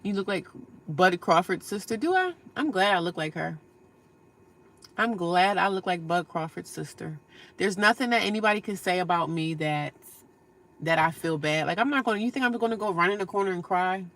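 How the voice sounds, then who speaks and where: A woman's voice: fairly low pitch, animated, moderate pace, a bit bright. A woman live-streaming from her car, reading viewer comments aloud and scolding trolls in a blunt, sarcastic way. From United States. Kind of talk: casual live-stream chat.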